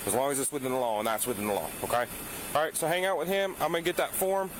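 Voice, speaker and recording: A police officer explaining things outdoors in a steady, matter-of-fact way, recorded on a body camera. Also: male voice, fairly high pitch, rapid-fire. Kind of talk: calm explaining on bodycam. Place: outdoors by a fast food restaurant. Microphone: body camera mic. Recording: noisy bodycam audio outdoors.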